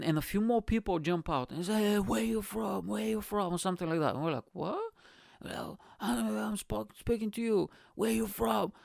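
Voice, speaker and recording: Bulgarian guy hosting his show, cussing a lot, animated storytelling, dry close sound. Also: on the high side, vocal fry, no echo. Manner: profane, animated storytelling, acts out quotes. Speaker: podcast host. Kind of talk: casual storytelling monologue.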